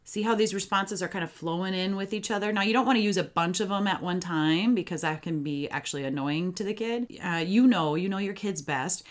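A woman's voice: lowish voice, brisk, hardly any pauses. A woman hosting a parenting podcast, explaining in a matter-of-fact, conversational coaching tone. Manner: matter-of-fact, warm coaching with acted example phrases.

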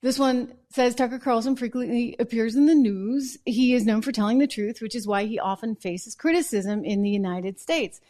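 This woman is hosting a live political talk show, and her voice sits a little high for a woman. She talks in a chatty, conversational way, with frequent restarts, quick asides and a wry laugh at her own points. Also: mellow.

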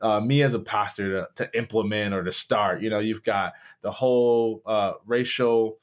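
A young man from Michigan, a pastor, telling his story as a podcast guest in an earnest, animated way with frequent restarts. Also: fairly low pitch, normal speed. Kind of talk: candid storytelling and conversation.

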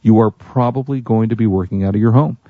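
This lowish male voice moves fast over narrow, tinny audio with no echo. He hosts a technology radio show and chats casually, rambling along and correcting himself as he goes.

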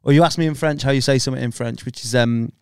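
A man's voice: mid-range voice, steady tone, darkish tone, clear, resonant tone, no echo, clean studio sound. A young man, chatting casually as a podcast co-host in a rambling, sweary way. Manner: rambling and sweary, with quick restarts. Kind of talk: casual chat.

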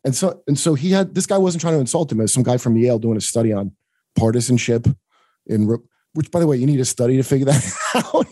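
A man's voice: medium pitch, lively intonation, quick pace, mellow, no room sound. A man from the United States chatting casually on a podcast, swearing often, rambling with restarts and jokes. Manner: profane, rambling, joking, frequent restarts.

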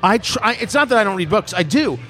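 Male host, rambling and self-amused, a little high-pitched, faint music bed. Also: very animated, a little fast, a bit bright. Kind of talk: casual panel chat.

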